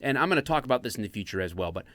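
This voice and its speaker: A man's voice: medium pitch, animated, very fast, a bit bright, dry recording. An American man hosting a live-streamed talk show, chatting casually and jokingly with plenty of fillers. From United States. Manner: rambling, jokey, lots of fillers.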